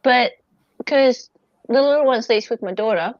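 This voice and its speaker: A woman with a fairly high voice co-hosts a casual stream, chatting at a normal speed and telling animated stories full of laughter. The recording is dry, dull and lo-fi.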